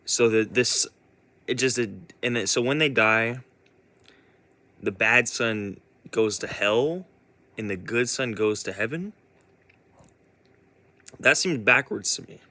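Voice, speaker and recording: A man's voice: medium pitch, slow, pauses often, bright, forceful tone, no echo. A man giving a casual spoken monologue as a vlogger, rambling with many restarts.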